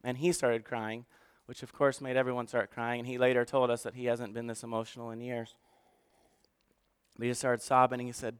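A man preaching in a relaxed, conversational way, with a smooth, resonant voice at an ordinary middle pitch. He is animated and joking in his asides and earnest when he tells a story. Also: moderate pace. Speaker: pastor.

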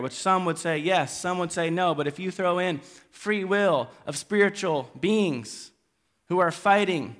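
Earnest male pastor, fairly high-pitched voice, halting sermon delivery that pleads with the congregation. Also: a bit bright. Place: church hall.

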